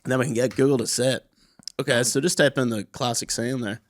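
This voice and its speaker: A man's voice: medium pitch, steady tone, fast talker, no room sound, studio quality. A man co-hosting a podcast in casual, joking chat. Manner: joking, banters, quotes sayings and mock French. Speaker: podcast co-host.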